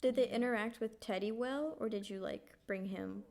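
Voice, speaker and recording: A woman co-hosting a podcast, telling an animated story in a casual chat and acting out what others said. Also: fairly high pitch, moderate pace, vocal fry. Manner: animated storyteller who acts out quotes. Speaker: podcast co-host.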